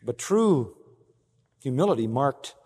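A man's voice: very animated, takes it slowly, slightly rough. Emphatic male preacher in a reverberant hall. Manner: emphatic preaching with big swings in pitch and loudness; rhetorical questions to the congregation. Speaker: pastor. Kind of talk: expository sermon.

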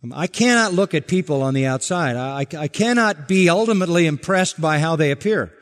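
A man pastor preaches a sermon, emphatic and building his points through rhetorical questions. His voice is high-ish, animated and fairly quick, with long reverb from a big hall.

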